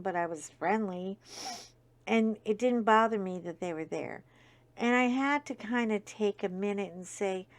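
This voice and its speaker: A woman's voice: mid-range voice, dry recording. A middle-aged woman hosting a casual chat, telling a long story in a rambling way full of fillers and asides, sniffling from a stuffy nose. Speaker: host.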